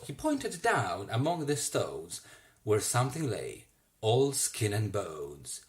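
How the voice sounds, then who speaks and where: A theatre actor, reading a rhyming children's story aloud at home, theatrical and expressive. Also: mid-range voice, slow pace. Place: home, self-recorded.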